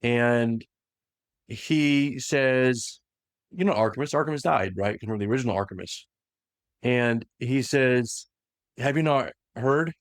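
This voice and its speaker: A man's voice: medium pitch, measured pace, no room sound, studio quality. A man hosting a podcast, casually retelling a story with lots of fillers and self-corrections. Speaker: podcast host.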